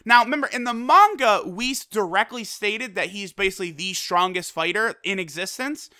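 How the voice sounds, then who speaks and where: Bright, high-voiced man ranting casually. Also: moderate pace. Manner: animated, slangy and profane; frequent fillers like "like" and "you know". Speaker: anime episode reviewer. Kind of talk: casual video review.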